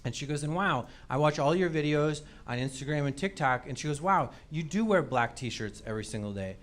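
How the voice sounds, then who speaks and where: A man's voice: on the high side, lively intonation, a little fast. A man in his forties performing a stand-up comedy set on stage, with a sheepish, self-mocking delivery and acted-out quotes. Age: 40s. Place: comedy stage before a live audience. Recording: live crowd laughter, loud background noise.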